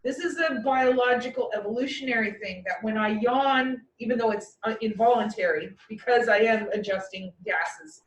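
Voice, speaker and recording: A woman chatting casually and explaining animal behavior, acting out the animals' thoughts in lively asides. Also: on the high side, normal speed, few pauses. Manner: lively, acts out animals' inner voices. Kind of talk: casual chat. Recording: roomy echo, far from the mic, faint background noise.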